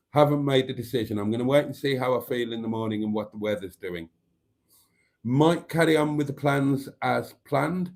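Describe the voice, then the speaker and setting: A man chats casually on a live stream. He reads viewer comments aloud and greets each viewer in a friendly, rambling way. His voice sits at an ordinary middle pitch. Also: a little mellow.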